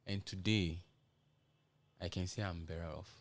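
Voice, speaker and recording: Earnest Nigerian man with a lower voice. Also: fairly even intonation. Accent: Nigerian English. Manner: earnest, halting, with many restarts and pidgin asides. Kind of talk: casual chat on a gospel radio show.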